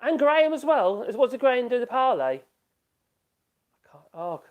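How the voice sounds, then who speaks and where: A man's voice: very high-pitched, big pitch swings, normal speed, lo-fi sound. A man hosting a casual live stream from his home workshop, chatting loosely and laughing often as he reads out and reacts to viewer comments.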